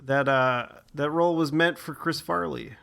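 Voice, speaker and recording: A man's voice: on the high side, moderate pace, creaky, a bit bright, a little hiss or hum. A man co-hosting a podcast in casual, joking chat. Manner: joking, drops into silly impressions. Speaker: podcast co-host.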